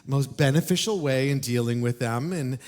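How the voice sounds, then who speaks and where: Guy preaching in church, animated storyteller, keeps asking the crowd stuff. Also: mid-range voice, normal speed. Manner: animated storyteller, asks the congregation questions. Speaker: pastor. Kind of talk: sermon. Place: church auditorium.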